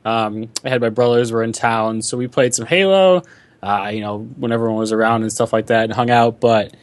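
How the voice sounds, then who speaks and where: A man hosts a casual gaming podcast, talking fairly quickly in a medium-pitched voice with no room sound. His chat rambles along and is heavy with fillers.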